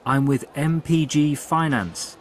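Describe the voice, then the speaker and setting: A man voicing a polite male accountant in a textbook listening dialogue, clear and careful. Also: a little high, takes it slowly, a little hiss or hum.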